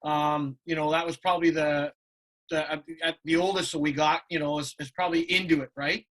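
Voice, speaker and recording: A man's voice: a little high, level tone, brisk, fairly bright tone, rough recording. A middle-aged man from Canada co-hosting a podcast, chatty and effusive, with lots of "you know" fillers. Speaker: podcast co-host. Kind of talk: casual chat.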